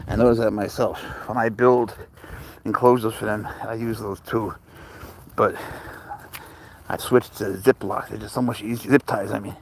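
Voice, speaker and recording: A man's voice: fairly low pitch, creaky, a little hiss or hum, rough recording. Older male streamer, rambling and chatty, reads chat comments aloud in a casual livestream. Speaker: livestreamer with a pet cat.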